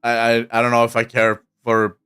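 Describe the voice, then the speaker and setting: A man's voice: mid-range voice, monotone, normal speed, a bit bright, smooth, soft background music. A man from South Africa whose first language is Afrikaans, speaking English with an Afrikaans accent, chatting casually and profanely while answering viewers' comments on a live stream.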